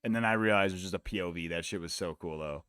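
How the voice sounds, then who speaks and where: A man's voice: low-pitched, rapid-fire, fairly bright tone, clean tone, no room sound, studio quality. A man from the United States hosting a live fight watch-along stream, talking in a laid-back, rambling, profane way. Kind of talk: casual chat.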